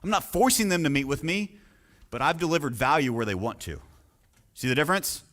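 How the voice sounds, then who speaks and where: A man giving a sales training talk as a real estate coach, energetic and emphatic, often asking the audience questions. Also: on the high side, a little fast.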